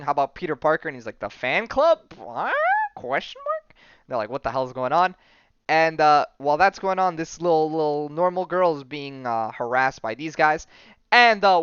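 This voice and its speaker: A man's voice: a little high, a bit bright, clean tone, no echo, highs cut off. A young man hosting a casual podcast, rambling through a comic book story with laughs and acted-out lines. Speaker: podcast host.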